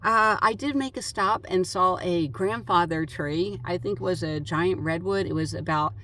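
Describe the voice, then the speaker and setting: A woman's voice: fairly low pitch, moderate pace, pushed and bright. A woman vlogger chatting casually about her travels, rambling with lots of fillers. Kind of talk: casual chat.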